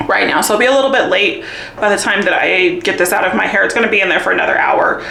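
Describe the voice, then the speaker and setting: A woman's voice: medium pitch, fast talker, vocal fry, sharp tone, roomy sound, a little hiss or hum. A woman vlogging at home, chatting candidly to the camera with frequent laughter. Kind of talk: casual chat to camera.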